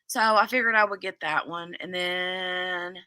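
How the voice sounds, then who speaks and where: Bright Southern-accented woman livestream host. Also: fairly low pitch, fairly even intonation, unhurried, clear, resonant tone, no echo. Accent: Southern US (Kentuckiana). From southern Indiana near Louisville, Kentucky. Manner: chatty, reads viewer comments aloud. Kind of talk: casual livestream chat reading comments.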